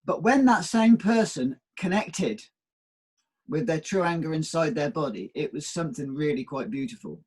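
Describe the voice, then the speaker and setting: A man's voice: a little high, animated, moderate pace, a little mellow, breathy edge. A man co-hosting a podcast, reflective and storytelling, often repeating his words as he thinks. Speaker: co-host. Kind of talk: casual spiritual chat.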